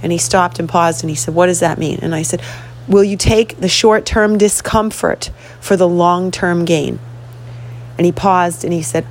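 A woman's voice: on the low side, fairly even intonation, moderate pace. A middle-aged woman, a host and coach, telling a story in an earnest, motivational way and acting out both sides of a conversation. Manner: earnest, motivational, retells dialogue. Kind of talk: storytelling monologue.

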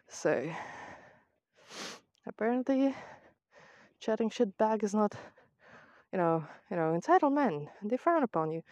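A woman's voice: medium pitch, darkish tone, dry recording. A woman with a British accent, ranting sarcastically with heavy swearing in a casual voice memo recorded on a phone while walking outdoors. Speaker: vlogger. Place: outdoors on a walk to the seaside.

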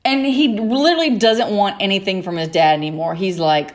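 A woman with a mid-range voice gives a casual sermon on a Bible story at a moderate pace. She is chatty and relaxed, laughs often, and acts out the characters' lines.

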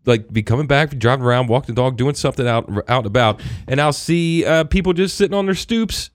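A man's voice: mid-range voice, quick pace, no room sound. A man hosting a radio show, chatting casually and telling a rambling story full of fillers and acted-out quotes in a studio. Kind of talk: casual on-air chat. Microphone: studio microphone.

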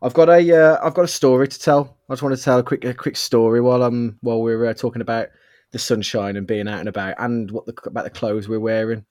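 A man co-hosting a podcast, recorded dry and close on a webcam mic. He talks at a middle pitch. His anecdotes are animated and full of laughter. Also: fast talker, no room sound. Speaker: podcast co-host. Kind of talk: casual podcast chat.

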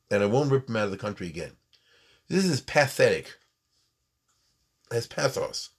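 A man's voice: medium pitch, breathy edge. A man giving an informal Torah lecture on the prophets, talking conversationally with rhetorical questions and Hebrew terms. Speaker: rabbi teaching prophets.

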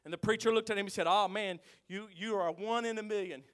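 A man preaching in a church, with a very high, bright, ringing voice. He tells folksy stories quietly, then breaks into loud, stretched-out shouts. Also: steady tone. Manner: swings from quiet storytelling to shouted, drawn-out exclamations. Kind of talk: sermon.

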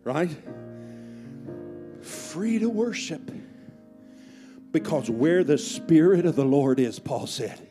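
A male pastor preaching a sermon at a church service, out of breath, shouting at the peaks and dropping to whispers. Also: a little high, sing-song, slow, long pauses, soft background music.

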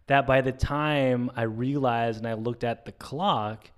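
A young man co-hosting a comedy podcast, telling a story in a lively way, acting out quotes and often restarting his sentences. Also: mid-range voice, measured pace. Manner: animated, acts out quotes, many restarts. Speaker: podcast co-host. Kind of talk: casual storytelling chat.

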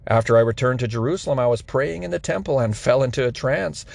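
A man's voice: medium pitch, fast talker, gravelly, darkish tone, dry recording. A man reading the apostle Paul's speech as earnest first-person testimony. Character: the apostle Paul, an earnest man defending himself.

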